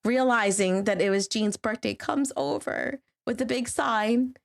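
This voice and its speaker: A woman's voice: on the high side, measured pace, vocal fry. A middle-aged woman and mother hosting a podcast, chatting casually and acting out quoted lines with lots of fillers. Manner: animated, acts out quoted lines, many fillers. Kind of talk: casual storytelling chat.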